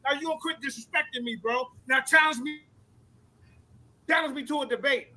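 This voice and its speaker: High, fast-talking man taunting in a debate. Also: bright, forceful tone, poor audio. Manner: taunting, challenging, talks over others. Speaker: panelist. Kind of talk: heated online debate.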